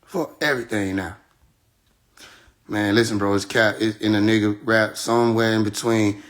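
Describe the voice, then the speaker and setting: A man's voice: lowish voice, fairly even intonation, normal speed, fairly bright tone. A man hosting a livestream, ranting heatedly and profanely straight at his viewers. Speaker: livestream host. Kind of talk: casual livestream rant.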